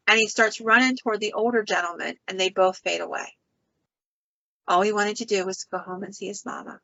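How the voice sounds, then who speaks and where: Woman podcast host spinning ghost stories, lots of ums, bright voice, dry slightly muffled audio. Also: medium pitch, brisk, vocal fry, no echo. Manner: animated storyteller with frequent ums and restarts. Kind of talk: casual ghost-story telling.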